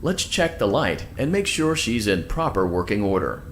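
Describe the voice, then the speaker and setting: A low, lively-pitched robot helper, game voice, polite and measured. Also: male voice, background noise. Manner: polite, measured customer-service delivery. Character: polite male robotic handheld assistant, calm and chipper.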